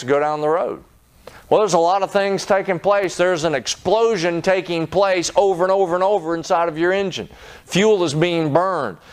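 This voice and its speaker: A middle-aged male pastor preaching with earnest conviction, his voice smooth and resonant. He sits a touch higher than most men and climbs higher still when he drives a point home. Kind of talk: sermon.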